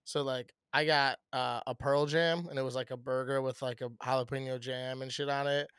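Young man from Chicago, podcast co-host, animated storyteller, middle pitch, dry close sound. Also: normal speed, clear, resonant tone, no room sound. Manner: animated storyteller, swears a lot, mimics people. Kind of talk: casual chat.

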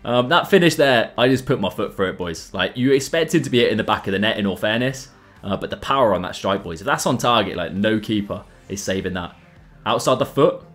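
Young guy commentating his football game, gets loud and excitable on chances, faint music behind. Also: fairly quick. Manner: excitable, jumps in pitch at big chances. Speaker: gaming YouTuber. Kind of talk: gameplay commentary.

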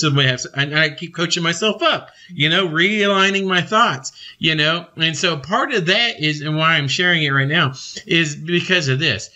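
An earnest male preacher teaching in a loose, conversational way, full of fillers and restarts. His voice is bright and sharp and sits slightly high. He gets animated as he talks. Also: normal speed. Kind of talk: informal devotional teaching.

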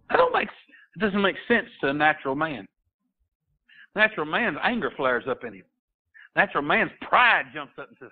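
A man's voice: sits high, animated, moderate pace, pauses often. A man preaching a sermon as a pastor, rising into emphatic bursts and quoting scripture in old-fashioned wording. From Texas. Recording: tinny phone-line sound.

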